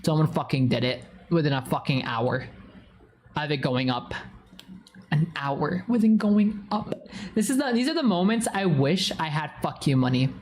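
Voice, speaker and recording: A woman livestreamer chatting casually with her viewers, swearing constantly and telling a story with big swings in pitch. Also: expressive, moderate pace, a little mellow, a little hiss or hum. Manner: greets chat viewers by name.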